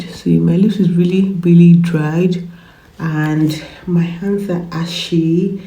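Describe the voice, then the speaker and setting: Woman, twenties, has a cough, chatty phone vlog, mellow tone, echoey room. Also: on the low side, expressive, measured pace. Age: 20s. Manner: chatty, rambling, repeats words, laughs often. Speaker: vlogger. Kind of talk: casual chat to camera. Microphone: phone camera.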